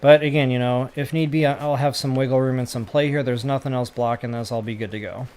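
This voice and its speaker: A man giving casual gameplay commentary for a building tutorial, chatty and self-mocking as he thinks out loud. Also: medium pitch, steady tone, fast talker, smooth. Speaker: gaming tutorial creator.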